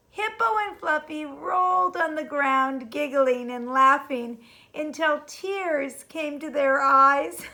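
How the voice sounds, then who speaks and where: A woman reading a children's storybook aloud in a gentle, expressive way, chuckling along. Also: high voice.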